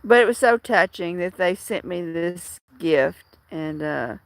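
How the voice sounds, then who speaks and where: A woman's voice: fairly low pitch, animated, a little slow, no room sound. Chatty woman rambling on a livestream. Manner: rambling, chatty storytelling with many restarts. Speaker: livestream host. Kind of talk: casual livestream chat with viewers.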